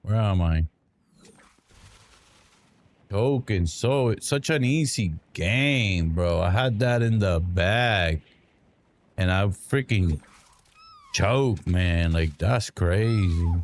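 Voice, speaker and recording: A man's voice: sits low, animated, takes it slowly, long pauses, a little hiss or hum. A young man streaming a game live through a headset, muttering frustrated, self-critical commentary to himself. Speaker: gaming streamer.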